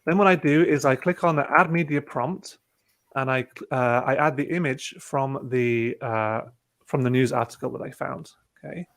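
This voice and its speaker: A man presenting an online webinar, calmly talking through each click of a teaching tool step by step. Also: medium pitch, moderate pace. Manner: relaxed, talks through clicks step by step with fillers. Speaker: presenter demonstrating a teaching platform. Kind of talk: casual online webinar demo. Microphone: video call.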